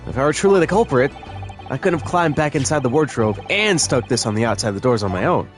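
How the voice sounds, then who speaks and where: A man's voice: medium pitch, animated, fast talker, natural voice. A man reading game dialogue aloud as an earnest, flustered young male defendant, in a pleading, emphatic manner. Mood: reasoning. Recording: faint music behind.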